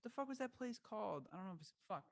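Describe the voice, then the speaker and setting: A young man talks in a loose, casual way, stopping often to search for the right word. He swears often, and his voice sits slightly high for a man. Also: expressive, racing, creaky. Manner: laid-back, swears, gropes for words. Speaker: co-host, musician. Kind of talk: casual chat.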